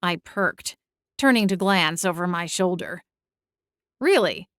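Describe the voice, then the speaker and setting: A young adult woman narrating a first-person audiobook, expressive and exasperated in the dialogue. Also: fairly low pitch, unhurried, no echo.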